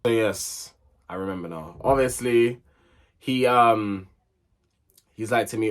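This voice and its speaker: A man's voice: on the low side, slow pace, pauses often. Chatty young man telling a story. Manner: chatty, digressive, slangy storytelling. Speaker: vlogger. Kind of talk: casual storytime chat.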